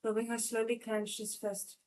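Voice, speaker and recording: A woman's voice: on the high side, flat delivery, fairly quick, a little mellow, poor audio. A woman hosting a live read-along of a novel, narrating steadily with frequent small slips and restarts. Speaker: channel host and reader.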